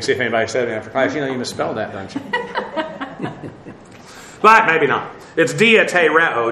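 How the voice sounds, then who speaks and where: Bright-voiced man lecturing in an echoey room. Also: fairly high pitch. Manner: thinking aloud with fillers, corrects himself. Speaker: Bible teacher. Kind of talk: classroom lecture.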